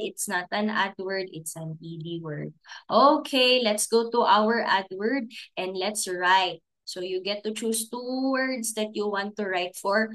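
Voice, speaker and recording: A woman teaching a recorded preschool class, talking slowly and sounding out letters step by step for small children. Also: mid-range voice, a bit bright. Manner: slow, sounding out letters and giving simple steps.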